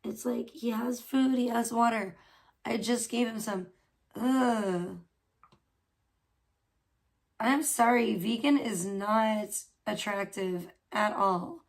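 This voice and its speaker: A woman chats to her livestream viewers from her home, her voice sitting a touch high. She gossips loosely and swears often, breaking off now and then to scold her cat. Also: slow pace, gravelly, pauses often. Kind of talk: casual livestream chat. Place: at home indoors.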